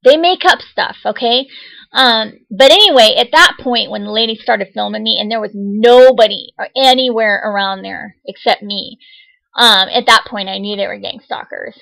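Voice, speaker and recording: A woman's voice: fairly high pitch, normal speed, creaky, pushed and bright, rough recording. A young woman vlogging casually to camera, agitated and insistent, repeating herself.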